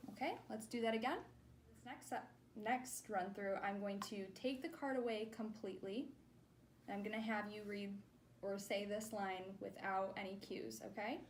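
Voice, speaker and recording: A woman's voice: medium pitch, moderate pace, a little hiss or hum. A woman speech clinician giving a therapy demonstration, patiently modeling words and praising each try.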